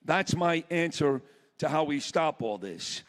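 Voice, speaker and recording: A man's voice: on the high side, expressive, a little slow, a little hiss or hum. A man giving a blunt, impassioned speech to a live summit audience. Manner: blunt, fired-up, plainspoken. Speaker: summit speaker. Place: conference hall with audience. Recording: long reverb of a large hall.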